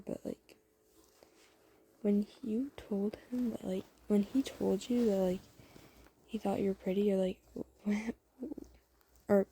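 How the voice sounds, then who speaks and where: A woman's voice: mid-range voice, dark tone, breathy edge. A woman casually telling a fan story to the listener. She rambles, uses many fillers, and keeps restarting her sentences.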